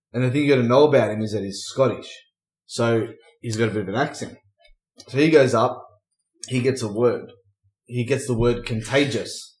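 A man telling a joke in casual chat, rambling through the setup and losing his place. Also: mid-range voice. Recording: echoey room.

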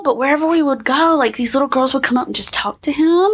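A young pregnant woman in easy conversation, her voice sitting notably high. She tells stories with animation and slips into acting out what others said. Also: quick pace. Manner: animated storyteller, acts out quotes. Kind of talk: casual chat.

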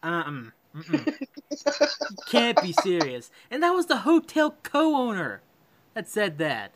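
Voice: mid-range voice, huge pitch swings, slow pace, very noisy. A podcast co-host in casual comedic chat who swears a lot, laughs often, sounds incredulous and reads a news article aloud.

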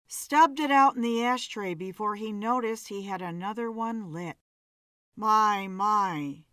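Casual: woman reading a story out loud, slow and calm, kinda high voice, dry sound. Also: no echo. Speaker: story reader. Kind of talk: story narration.

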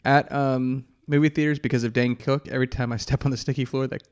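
A man co-hosting a podcast in casual chat, animated and laughing along. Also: medium pitch, fast, clean tone. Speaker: podcast co-host.

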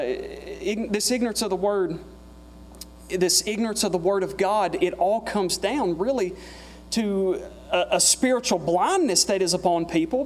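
A man preaching a sermon in a church, repeating his phrases and climbing higher and louder as he presses his points. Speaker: guest preacher.

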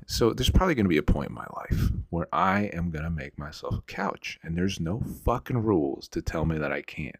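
A man's voice: low voice, vocal fry, no echo, clean studio sound. A man hosting a casual solo talk show, rambling and swearing freely as he browses on his computer. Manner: rambling, profane, restarts a lot. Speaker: podcast host. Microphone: desk mic at computer.

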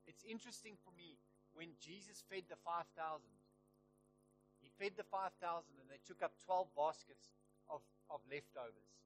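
A man preaching a sermon in church, telling a story and rising to loud, emphatic peaks. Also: on the high side, normal speed, faint music behind, low-quality recording.

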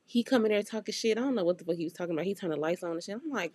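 A woman's voice: medium pitch, animated, very fast, mellow, slightly rough. A young woman hosting a podcast, telling a story in a blunt, profane, candid way and acting out the quoted dialogue. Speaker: podcast host. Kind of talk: casual storytelling monologue.

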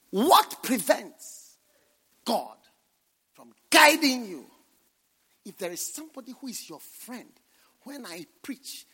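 A male preacher giving a revival sermon in a fairly high voice. He drops to near whispers, then bursts into shouts, and he hammers his points home through repetition. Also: gravelly. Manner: dramatic swings between hushed and shouted lines; repeats phrases for emphasis.

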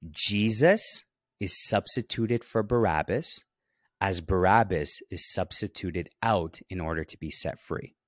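A man's voice: low-pitched, animated, a little slow, no room sound, clean studio sound. A man hosting a Bible teaching podcast. He reads scripture aloud and stops often to stress key words and press his listeners to take them in.

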